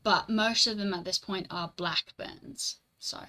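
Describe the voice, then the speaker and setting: Bright-voiced chatty young woman streamer. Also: medium pitch, steady tone, unhurried, low-quality recording. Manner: chatty and rambling, swears casually, laughs often. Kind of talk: casual live-stream chat, reading and answering chat.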